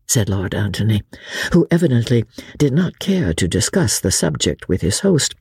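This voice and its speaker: Woman narrator, husky, lively reading, dry studio sound. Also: rumbling low, moderate pace, no echo. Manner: expressive storytelling. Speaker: audiobook narrator. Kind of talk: scripted narration of a classic novel.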